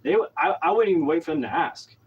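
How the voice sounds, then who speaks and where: A man's voice: on the high side, lively intonation, fast talker, husky, lo-fi sound. A man from Oklahoma telling a long story in a casual monologue, rambling with lots of fillers and restarts. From Oklahoma, USA. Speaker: vlogger.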